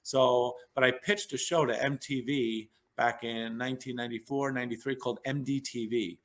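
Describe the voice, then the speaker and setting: A man's voice: medium pitch, steady tone, normal speed. A man in his fifties telling long, rambling stories as an interview guest, with many fillers and restarts. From New York. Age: 50s. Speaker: podcast guest, neurologist. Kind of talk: casual storytelling interview.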